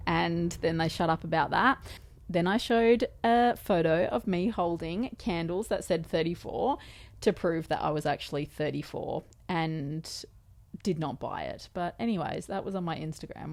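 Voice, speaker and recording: A woman's voice: on the low side, moderate pace, vocal fry. A woman in her thirties with an Australian accent, chatting casually and telling a story to the camera with lots of fillers. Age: 30s. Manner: chatty, lots of fillers, quoting others in conversation. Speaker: vlogger.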